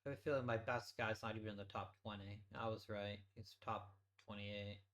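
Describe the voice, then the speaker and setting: Bright-voiced man musing over a game. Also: lowish voice, level tone, a little fast. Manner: musing aloud, offhand swearing. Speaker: let's play host. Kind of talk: casual gameplay commentary.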